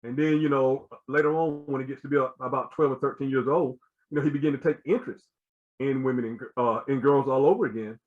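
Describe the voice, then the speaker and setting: A man's voice: mid-range voice, fairly even intonation, fast, phone-quality sound. A man giving an earnest explanatory talk as a guest speaker, with many fillers and repeated words.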